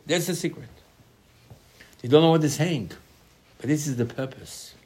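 A man giving a Torah class sermon, animated, asking and answering his own questions, with sudden loud emphasis on key lines. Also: on the high side, moderate pace, pauses often. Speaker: Torah teacher.

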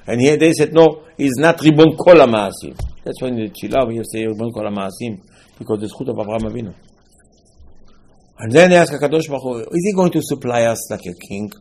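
A man teaches a Torah class as a sermon. His husky, mid-pitched voice carries the lesson as he tells stories and acts out exchanges with rising emphasis. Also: a little mellow. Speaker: rabbi.

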